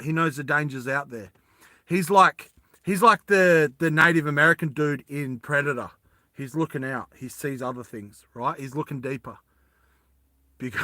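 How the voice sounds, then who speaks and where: Laughing as he goes, a man tells his friends the story of a movie with lots of animation and a habit of asking "right?" His voice is fairly high, captured cleanly in a studio with no echo.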